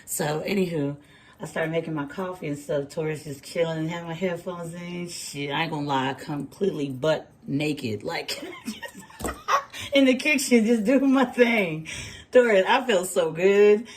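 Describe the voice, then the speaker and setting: A woman tarot reader chatting casually and telling an animated story, laughing and using slang. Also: on the low side, a little slow, slight background noise. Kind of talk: casual chat. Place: home kitchen, early morning.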